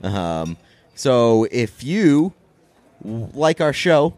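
A man's voice: mid-range voice, big pitch swings, drawn-out words, a little mellow, dry recording. A man co-hosting a podcast in casual chat, laid-back, with dry jokes. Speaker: podcast co-host.

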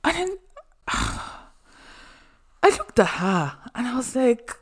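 A young woman from Nigeria, hosting a podcast and giving chatty, expressive advice with humorous asides. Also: fairly high pitch, very slow, breathy edge. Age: young adult. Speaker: podcast host. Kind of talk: casual advice monologue.

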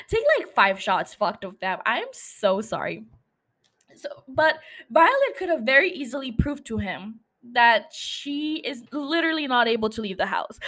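A woman's voice: fairly high pitch, fairly bright tone. A young woman hosting a casual solo podcast, rambling, swearing freely and laughing at herself. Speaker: podcast host.

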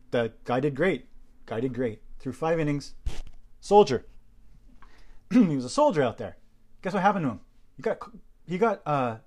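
Hoarse man rambling through a story. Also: a little high. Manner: rambling, animated, repeats himself; keeps clearing his throat. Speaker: podcast host. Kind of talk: casual storytelling monologue.

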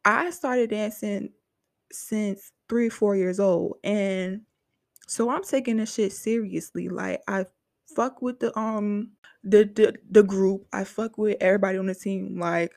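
A young woman hosts her own podcast and vents about a personal story, swearing freely and talking frankly. Her voice sits at an ordinary middle pitch and is recorded close up in a dry, deadened room. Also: steady tone, unhurried, vocal fry, a little mellow, dry recording. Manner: heavy profanity, frank and heated venting. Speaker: podcast host. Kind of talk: casual storytelling monologue.

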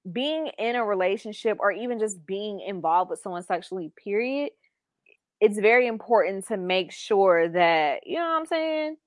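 A woman's voice: mid-range voice, animated, moderate pace, dry recording. Frank young woman, dry close sound. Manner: frank and opinionated, speaking plainly. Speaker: podcast co-host. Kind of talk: casual chat.

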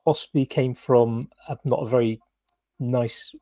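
A man's voice: medium pitch, fairly even intonation, a little slow, warm tone, dry recording. A British man co-hosting a podcast, telling rambling anecdotes in casual chat with lots of fillers and restarts. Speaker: podcast co-host.

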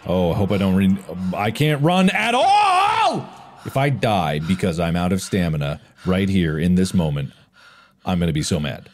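A man giving excitable gameplay commentary, reacting to a horror game with yelps and bursts of confusion. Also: low voice, fairly quick. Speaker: gaming video host. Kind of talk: let's-play gameplay commentary.

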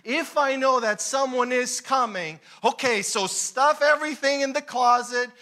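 Pastor guy preaching, high bright voice, really lively and punchy. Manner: animated, emphatic preaching. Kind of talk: sermon.

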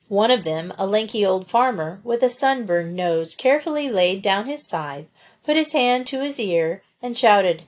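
Woman, storybook narrator, measured and clear, mid pitch. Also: expressive. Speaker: audiobook reader.

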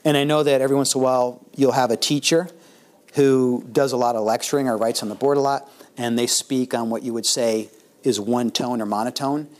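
An older man gives a casual classroom lecture in a middle-pitched voice. He talks conversationally, pausing and restarting, and his loudness swings widely from phrase to phrase. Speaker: instructor.

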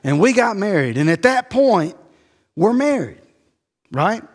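A middle-aged man preaching an expository sermon in a relaxed, conversational teaching manner. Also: high voice, unhurried, big-room sound. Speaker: pastor.

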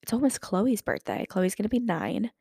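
A woman's voice: medium pitch, sing-song, normal speed, darkish tone, slightly rough, no room sound, studio quality. A woman in her twenties hosting a podcast, chatting casually and filling her talk with "like". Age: 20s. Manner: chatty, lots of "like" fillers. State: lingering cough. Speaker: podcast host. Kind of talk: casual chat.

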